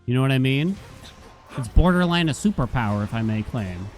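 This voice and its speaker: A man's voice: mid-range voice, animated, brisk, soft background music. A man streaming a video game, chatting casually and telling stories with acted-out quotes. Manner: chatty storytelling, acts out quotes. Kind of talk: casual gaming stream chat.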